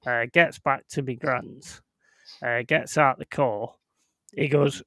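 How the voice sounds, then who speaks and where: Gravelly-voiced man swearing through stories. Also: mid-range voice, steady tone, normal speed, a bit bright, no echo, clean studio sound. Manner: swears heavily, laughs through rambling anecdotes. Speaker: streamer hosting a football watchalong. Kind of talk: casual chat.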